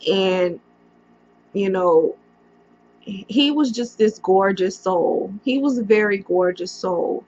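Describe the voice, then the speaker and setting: A woman telling a painful personal story on a casual storytime vlog, halting often with pauses and fillers as she speaks into a computer mic. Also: mid-range voice, darkish tone, breathy edge, dull audio. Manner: halting, emotional retelling with many pauses and fillers.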